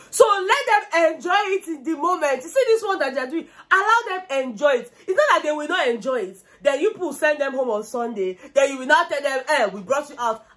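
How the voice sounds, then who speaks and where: A young woman with a Nigerian accent, giving animated, gossipy commentary on a reality show and slipping into Pidgin slang. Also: fairly high pitch. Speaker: vlogger.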